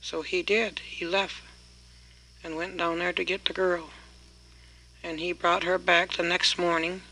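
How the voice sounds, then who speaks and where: Man, storyteller, folksy oral tale, repeats "he says", high bright voice. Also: poor audio. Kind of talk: oral folk tale telling.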